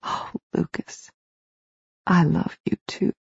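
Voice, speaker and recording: A woman narrator voicing a pregnant young wife in a romance novel, soft and slightly higher. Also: slow pace, no echo, natural voice. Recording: slightly dull, dry studio recording.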